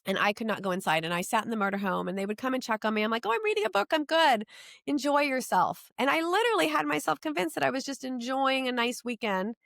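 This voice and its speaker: A woman's voice: fairly high pitch, quick pace, creaky, hardly any pauses, fairly bright tone, dry recording, studio quality. Earnest middle-aged woman telling her story. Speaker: podcast guest. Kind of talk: personal storytelling in conversation.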